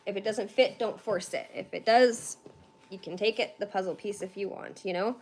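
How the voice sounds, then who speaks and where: A tired young woman from Canada, chatting fast on a livestream with lots of fillers while she gives a card reading. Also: medium pitch. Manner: fast-talking, chatty, laughs often, many fillers. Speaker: tarantula reader on a livestream.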